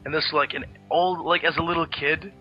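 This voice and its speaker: A podcast co-host rambles through history stories in a casual chat full of swearing and filler words. His fairly high voice is fairly quick with fairly even intonation, and the lo-fi podcast audio is dull with faint music.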